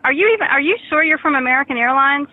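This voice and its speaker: Empörte Frau am Telefon. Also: female voice, high-pitched, fast talker, no echo. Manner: indignant, defensive, stumbling. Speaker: prank call target. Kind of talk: angry phone complaint. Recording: tinny phone line.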